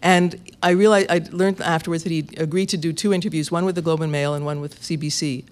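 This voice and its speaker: A man, a radio interviewer, telling a story in conversation with lively, laughing delivery and restarted phrases. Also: a little high, quick pace. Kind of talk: conversational anecdote.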